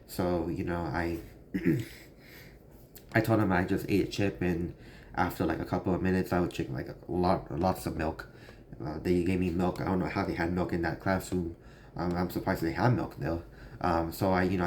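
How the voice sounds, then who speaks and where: Young man, very deep voice, casual rambling storytelling, lots of fillers, faint background hiss. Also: steady tone, normal speed, darkish tone. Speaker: vlogger.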